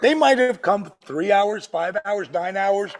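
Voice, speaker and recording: A man's voice: sits high, expressive, unhurried, gravelly. A male host in casual chat, chiming in and encouraging the guest.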